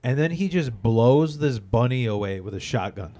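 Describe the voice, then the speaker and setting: A man's voice: medium pitch, lively intonation, normal speed, dark tone. A young man with a Chicago accent, a comedian guest telling profane stories in a loose way, full of "like". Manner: loose, profane storytelling with many "like" fillers. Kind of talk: casual chat.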